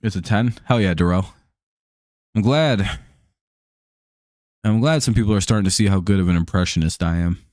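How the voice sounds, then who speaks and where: A man's voice: low-pitched, moderate pace, pauses often, darkish tone, dry recording, clean studio sound. An American man hosting a live stream, chatting casually over a baseball game in a rambling, profane way with lots of fillers. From United States.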